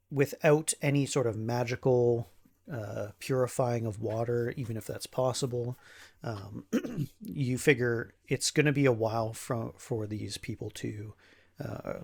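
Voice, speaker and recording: A man narrating as game master for a tabletop game, easygoing with frequent ums and uhs. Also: mid-range voice. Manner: relaxed, many ums and uhs, laughs easily.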